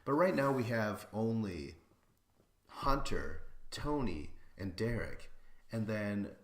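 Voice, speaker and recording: A man hosting a podcast, recapping casually in a rambling, excitable way and swearing freely. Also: on the low side, slow pace, roomy sound. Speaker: podcast host.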